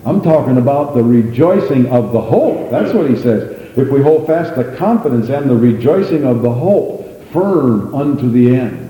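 A man preaching in a sermon with fervour, his voice often leaping up to high exclamations and coaxing amens from the room. His tone is dark and mellow. It rings out through a reverberant church sanctuary with a long, echoing tail. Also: expressive, moderate pace, hardly any pauses. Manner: fervent, rising to high exclamations, calls for amens. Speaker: pastor.

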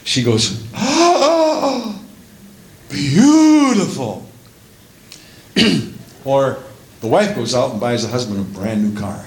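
Pastor, male, mid-pitched voice, preaching with praise interjections, recorded in a roomy, echoing church with faint background hum. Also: fairly even intonation, normal speed. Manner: preaching, rising to shouts at climaxes; interjects praise and hallelujahs often. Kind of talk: sermon.

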